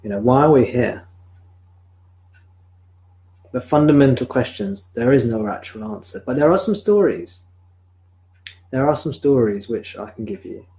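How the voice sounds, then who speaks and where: Male spiritual teacher, calm and reflective, live-streamed home satsang, close sensitive desk mic. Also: medium pitch, rough recording. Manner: calm, reflective, answers viewer questions slowly. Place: home room. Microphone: sensitive desk microphone.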